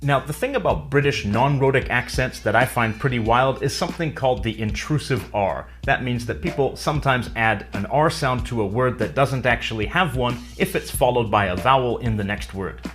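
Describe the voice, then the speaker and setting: Clear man explaining English grammar. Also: medium pitch, normal speed, few pauses, fairly bright tone, faint music behind. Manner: clear, explanatory, dryly humorous. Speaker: English teacher. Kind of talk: scripted educational narration.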